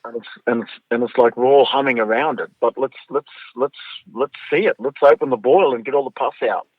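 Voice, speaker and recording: An Australian man talks through a thin, phone-like line with a dry, close sound. His pitch sits in a middle range. He speaks animatedly and circles back over his words as he works toward a point. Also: fairly quick, no echo. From North Queensland, Australia. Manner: animated, repeats words while building a thought. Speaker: guest author and storyteller. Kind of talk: conversational interview.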